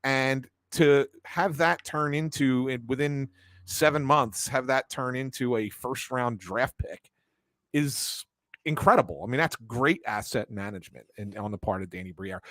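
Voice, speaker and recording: A man's voice: mid-range voice, unhurried, fairly bright tone, dry recording. Guy breaking down trades on a sports podcast, middle voice, lots of restarts, dry sound. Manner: analytical, explains at length with many fillers and restarts. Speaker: co-host and sports analyst. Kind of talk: casual sports talk show.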